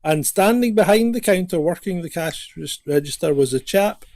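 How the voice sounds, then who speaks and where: A man from the UK co-hosting a live podcast, playful and animated in casual banter. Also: high-pitched, normal speed, no room sound. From United Kingdom. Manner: animated, playful, fond of shouting out. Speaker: podcast co-host.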